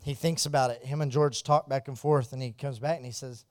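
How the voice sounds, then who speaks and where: A man telling a mission story as a testimony. He laughs often, acts out the dialogue and drops to a hushed, earnest tone when it turns serious. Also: medium pitch, steady tone, a little fast, no room sound, studio quality.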